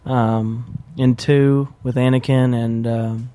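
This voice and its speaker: A man's voice: medium pitch, flat delivery, slow pace, mellow. A man co-hosting a podcast in casual chat, rambling and hesitant, often trailing off. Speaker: podcast co-host.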